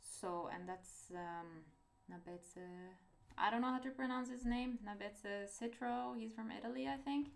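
A woman's voice: on the high side, moderate pace, vocal fry, hardly any pauses. A young woman from Norway with a Norwegian accent, chatting casually and hesitantly about her art in a vlog, self-deprecating and rambling. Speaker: artist vlogger.

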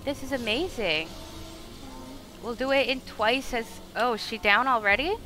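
A young woman streaming a game, excitable and profane, swinging from shouts to hushed asides. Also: on the high side, a little slow, background noise. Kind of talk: live game stream commentary.

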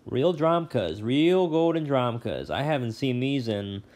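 A man voicing a smooth, menacing male ferryman of the dead with a put-on British accent, mockingly polite and sly. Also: mid-range voice, lively intonation, measured pace, a little mellow, pitched above the performer's own voice, close to an everyday voice. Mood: silky menace.

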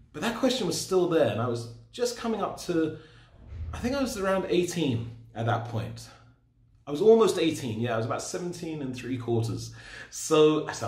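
A man in his forties giving a personal testimony in a storytelling, self-deprecating way. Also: on the high side. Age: 40s. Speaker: speaker sharing his story. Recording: roomy echo.

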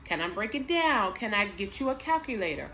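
A woman's voice: mid-range voice, big pitch swings, brisk, pushed and bright, slight background noise. Emphatic woman coaching moms. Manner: emphatic, speaks straight to moms. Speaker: parenting coach and behavior analyst. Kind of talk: instructional parenting vlog.

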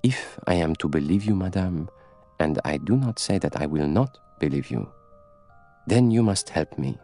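Man voicing a dry serious detective, deep low voice, slow and careful. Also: expressive, mellow, faint music behind. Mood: grave. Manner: grave, dry, measured. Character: grave, dry older male detective.

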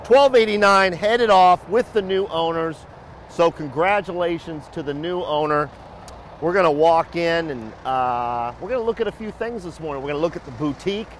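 A man's voice: a little high, moderate pace, a little hiss or hum. Upbeat joking man hosting a walkaround tour. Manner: upbeat, joking, loud and lively. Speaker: host of a company video show. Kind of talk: casual walking tour vlog. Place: outdoors by a building, then indoors in a lobby and shop.

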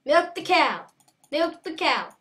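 Woman, high voice, unhurried, playful game commentary, excitable, taunting. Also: distant mic. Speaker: gameplay commentator.

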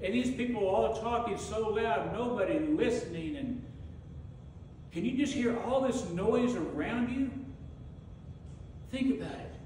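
High-voiced preacher in an echoey hall. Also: male voice, unhurried, long pauses, a little mellow. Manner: storytelling, asks the congregation questions. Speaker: pastor. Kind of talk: sermon. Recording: echoey hall from far off, faint noise.

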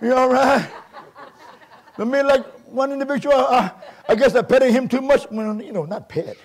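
High-pitched, fiery man preaching. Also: moderate pace. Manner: fervent, often shouting, with call-and-response. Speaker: guest preacher. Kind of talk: Pentecostal sermon. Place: church sanctuary.

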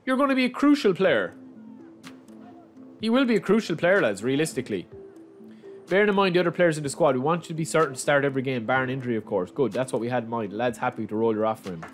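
A young man giving chatty, excitable gameplay commentary, calling his viewers lads. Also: on the high side, fast talker, faint music behind. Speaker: gaming YouTuber.

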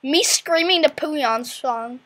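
A high, sharp-toned female voice chats casually as host while building a game. She is quick to get excitable and shriek when things work or break. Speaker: channel host.

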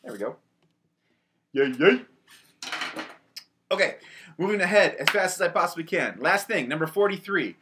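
A school band director with a high-pitched voice talks fast and very animatedly while teaching a band lesson from home. He explains the music upbeatly, counts aloud, and calls out over the drums, and the recording is very noisy.

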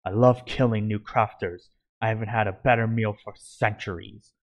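A man voicing a gloating, murderous ancient male werewolf in a storybook reading, speaking slowly and menacingly. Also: on the low side, steady tone, muffled recording, lightly acted.

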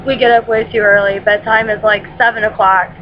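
A woman with a medium-pitched, level voice speaks briskly over a slight hiss or hum. She is a mother and vlogger chatting in a casual home vlog, filmed on a laptop webcam at night, and she lapses into baby talk with her dog. The lo-fi webcam audio sounds dull, and music runs in the background.

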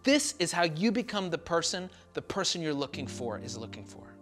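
Woman pastor preaching, earnest and repetitive, soft music faint behind. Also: lowish voice, sing-song, moderate pace. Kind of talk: sermon.

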